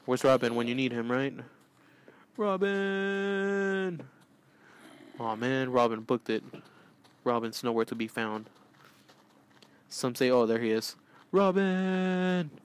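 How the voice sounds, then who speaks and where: Male host, goofy let's play commentator, excitable, prone to yelling, mid-pitched voice. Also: slight background noise. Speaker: gaming channel host.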